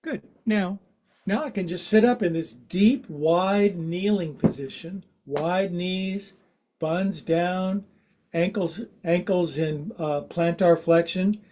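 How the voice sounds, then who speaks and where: A man's voice: sits high, takes it slowly, warm tone, a little hiss or hum. A man in his sixties leading a guided yoga class, giving instructions in a playful, joking, chatty way. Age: 60s. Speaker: yoga teacher.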